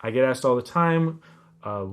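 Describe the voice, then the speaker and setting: A man giving a classical guitar lesson, explaining technique in a relaxed way and counting beats aloud. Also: medium pitch, normal speed, clear, resonant tone. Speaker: guitar teacher. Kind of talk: instructional lesson talk. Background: classical guitar playing.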